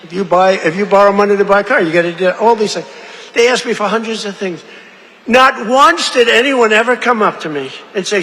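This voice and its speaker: Man at a rally podium, digressive and repetitive, high bright tone, long echo of an amplified venue. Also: brisk. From United States. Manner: repetitive, digressive, acts out quoted voices. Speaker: political rally speaker. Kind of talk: rambling rally speech. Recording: echoey amplified rally hall.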